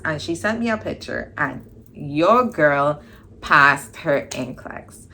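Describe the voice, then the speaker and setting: Brief: young woman vlogger, low unhurried voice, animated storyteller. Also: slight background noise. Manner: animated storytelling, acts out quoted dialogue. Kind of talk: casual storytime.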